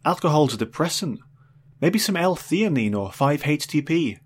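A man voicing a dry, sardonic male AI assistant on a space station, speaking in a deadpan, patient way. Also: fairly high pitch, normal speed, slightly rough, pitched above the performer's own voice.

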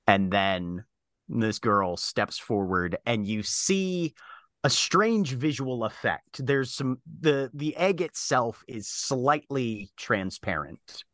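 Man, game master, slow deliberate narration, lowish voice, dry close sound, halting with fillers. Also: animated, fairly bright tone, no room sound.

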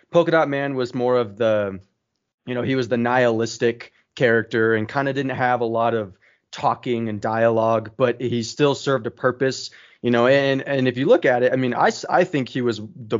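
Eager young man, stumbling speech. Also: medium pitch. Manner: eager, stumbling over his words. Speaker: co-host. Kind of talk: casual movie discussion. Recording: dull lo-fi sound.

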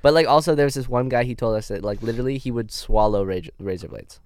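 A man's voice: medium pitch, quick pace, darkish tone, dry recording. A young Canadian man with a Canadian accent, co-hosting a podcast and telling stories in a loose, rambling way full of fillers. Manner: rambling, filler-heavy storytelling. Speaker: podcast co-host. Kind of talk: casual chat.

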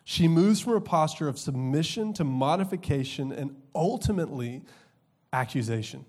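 A young man preaching a sermon as pastor, conversational and humorous, with quick asides and slow emphatic drops. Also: medium pitch, darkish tone.

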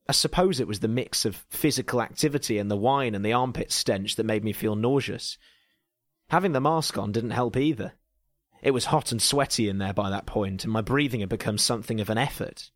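An English man narrating a story in a dry, deadpan way. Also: mid-range voice, dry recording.

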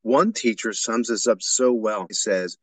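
Guy with a lowish voice doing a solo teacher podcast, earnest and explainy, dry sound. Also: unhurried, dry recording. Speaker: podcast host. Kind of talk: solo educational podcast talk.

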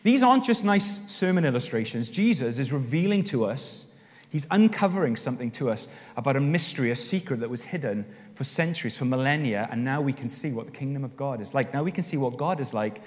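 A man preaching a sermon as pastor, telling stories with animated, rising emphasis. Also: mid-range voice, a little fast. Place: church hall. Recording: long reverb of a church hall.

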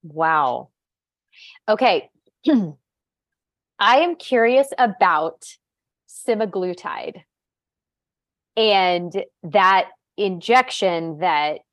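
A woman with a lowish voice hosts a podcast interview. She sounds curious and fires off quick follow-up questions, recorded dry and close with no room sound. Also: expressive, a bit bright, no room sound. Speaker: podcast host.

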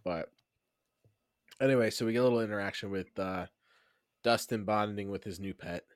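A man's voice: lowish voice, normal speed, dry recording, clean studio sound. A man from New Jersey co-hosting a casual TV recap podcast, teasing his friends as he recaps scenes. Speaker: podcast co-host.

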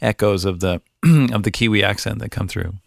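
A middle-aged man with a Canadian accent, hosting a casual podcast interview in a relaxed, chatty way. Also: fairly low pitch, moderate pace, creaky, dry recording, clean studio sound. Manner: relaxed, chatty, with frequent ums and laughs. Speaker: podcast host.

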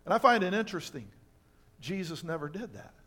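A man preaching a sermon as pastor. He talks animatedly, asks the congregation rhetorical questions, and swings between loud emphasis and quiet asides. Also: high-pitched, big pitch swings, brisk, husky. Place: church sanctuary.

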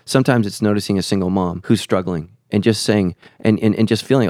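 A man with a very low voice talks as a pastor and podcast host, earnest and preacherly. He leans on repeated phrases to press his point. The sound is close and dry, with no room around it. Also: fairly quick, hardly any pauses, a little mellow, no room sound. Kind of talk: conversational podcast teaching.

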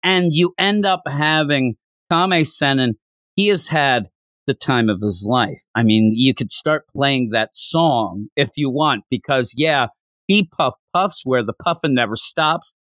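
A man hosting a podcast, recapping a comic-book chapter with animated storytelling. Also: mid-range voice, measured pace, no room sound, clean studio sound. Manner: animated storytelling, acting out lines. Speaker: podcast host.

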